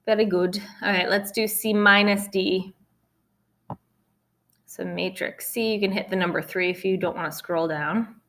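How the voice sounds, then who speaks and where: A woman's voice: medium pitch, steady tone, measured pace, a bit bright. A woman math teacher recording a chatty, upbeat tutorial, talking students through calculator steps and cheering "ta-da" at each result.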